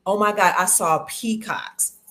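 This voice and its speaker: An upbeat woman from Cleveland, Ohio, hosting a live stream. She talks casually and chattily, reading out comments from viewers. Her pitch is middle-of-the-road for a woman. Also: unhurried, a bit bright. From Cleveland, Ohio, USA. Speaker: livestream host. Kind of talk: casual livestream chat greeting viewers.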